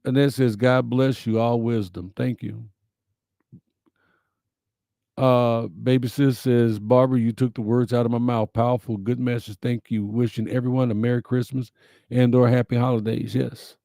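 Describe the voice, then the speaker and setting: A man's voice: mid-range voice, level tone, moderate pace, vocal fry, dark tone, no echo, clean studio sound. A middle-aged man, hosting a livestream, reading viewer comments and answering them in a folksy, heartfelt, preacherly way. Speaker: host of a live-streamed message show.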